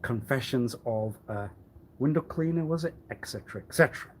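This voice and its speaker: A man rambling alone on a livestream in a meandering way, repeating himself and often clearing his throat. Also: mid-range voice, lively intonation, brisk, a little hiss or hum. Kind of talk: rambling solo livestream monologue.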